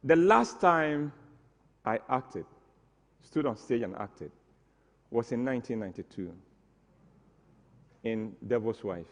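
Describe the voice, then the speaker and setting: A man's voice: medium pitch, expressive, slow pace, long pauses, big-room sound. A man tells a comic story on stage, acting out the scenes with mock drama. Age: 60s. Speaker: stage performer.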